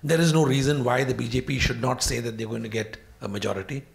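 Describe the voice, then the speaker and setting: A man with an Indian English accent giving measured, analytical commentary on a TV panel. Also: medium pitch, fairly even intonation, gravelly. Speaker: political commentator, panel guest.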